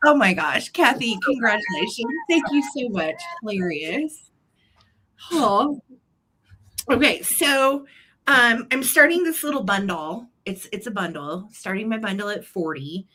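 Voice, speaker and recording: A woman co-hosting a live vintage sale, gushing with excitement over her finds and laughing often. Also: mid-range voice, measured pace, breathy edge. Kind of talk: casual sales chat.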